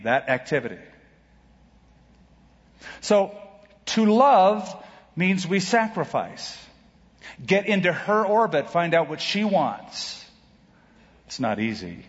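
Male pastor, emphatic sermon, dramatic pauses, higher-pitched voice, long hall reverb. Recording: dull reverberant hall recording.

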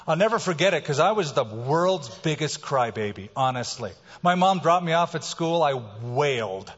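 A man preaching a sermon in a slightly higher voice, moving between hushed, slowed lines and sudden loud bursts of emphasis. The sound is a bit dull, and his voice trails off in a long reverb, like a church sanctuary. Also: animated, husky. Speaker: pastor.

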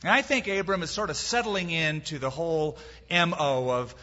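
A man's voice: fairly high pitch, lively intonation, moderate pace, bright, forceful tone. A man, a pastor, preaching a sermon with emphatic delivery, rhetorical questions and touches of dry humor. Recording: dull sound with long hall reverb.

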